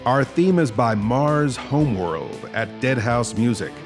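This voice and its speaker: A man's voice: medium pitch, lively intonation, unhurried, music in the background. A man hosting a casual comedy podcast, rambling and self-mocking with lots of fillers. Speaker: podcast host.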